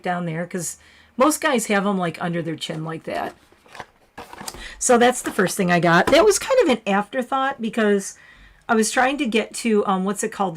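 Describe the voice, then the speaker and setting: A middle-aged woman, a retired hairstylist chatting casually to livestream viewers while unboxing and reading labels aloud. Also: mid-range voice.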